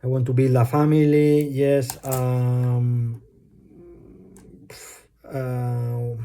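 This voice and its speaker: A man with a Spanish accent, a native Spanish speaker talking English, rambling through a personal vlog monologue with many pauses and fillers. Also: mid-range voice, monotone, dark tone. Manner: hesitant, many fillers, loses his thread. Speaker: vlogger. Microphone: phone.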